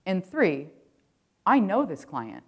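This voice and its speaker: A woman's voice: fairly low pitch, very animated, slow pace, a little mellow. A woman in her thirties giving a conference keynote, telling a casual, profane story packed with "like" fillers. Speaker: keynote speaker. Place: conference stage.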